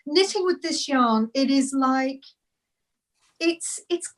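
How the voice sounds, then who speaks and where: A woman's voice: high-pitched, animated, slow pace. A woman knitwear designer chatting on a video call, gushing and rambling with lots of restarts. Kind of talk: casual live video chat.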